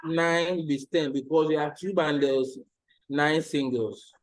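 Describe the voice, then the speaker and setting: A man's voice: on the high side, steady tone, takes it slowly, poor audio. A man teaching maths in an online lesson, patiently repeating each step and checking that the students follow.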